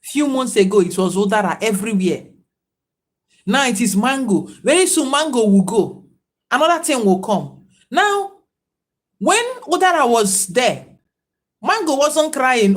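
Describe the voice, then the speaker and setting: A woman's voice: fairly high pitch, very animated, measured pace, pauses often. A woman, talking casually and reflectively to viewers on a livestream, in a preachy tone. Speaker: livestream host.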